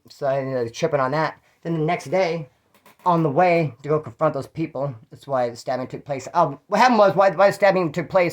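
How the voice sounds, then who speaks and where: A middle-aged man, telling his own stories in a rambling, slangy way and acting out the people he quotes. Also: fairly high pitch. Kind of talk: casual storytelling monologue.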